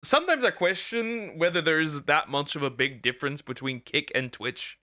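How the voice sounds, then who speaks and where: A man's voice: fairly high pitch, normal speed, pushed and bright. A man streaming as a vtuber, giving blunt, mocking reaction commentary and often stumbling over and repeating his words.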